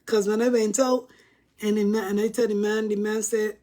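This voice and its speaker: A woman's voice: medium pitch, level tone, moderate pace, warm tone. A woman telling stories to her viewers in a casual, chatty way, laughing often. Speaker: vlogger. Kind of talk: casual storytelling to camera.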